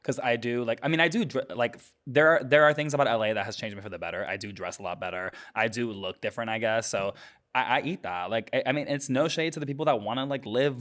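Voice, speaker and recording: A young man from Miami co-hosting a casual podcast, campy and animated, slipping into sassy voices to quote people. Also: mid-range voice, fast talker. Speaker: podcast co-host. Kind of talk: casual chat.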